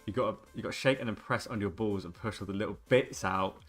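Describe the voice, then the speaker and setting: Lower-voiced man bantering with his stream chat. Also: quick pace, a bit bright, faint music behind. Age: 20s. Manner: joking, rambling banter with chat. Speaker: game streamer. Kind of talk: casual live-stream chat.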